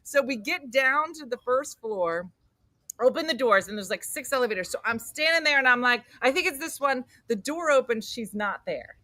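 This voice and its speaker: A middle-aged woman hosting a morning comedy show, telling a story with animated acted-out voices. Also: high-pitched, normal speed, no echo. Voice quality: animated, acts out voices in stories.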